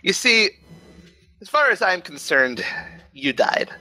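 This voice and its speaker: A man's voice: sits high, very animated, takes it slowly, pushed and bright, voice pushed up, full character voice, rough recording. A man voicing Death as a weary, condescending male figure in a tabletop game. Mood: smug.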